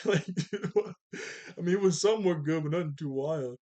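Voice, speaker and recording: Animated man recapping a cartoon. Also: fairly high pitch, moderate pace. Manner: animated, acts out character lines in jokey voices. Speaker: cartoon reviewer. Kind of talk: casual episode recap.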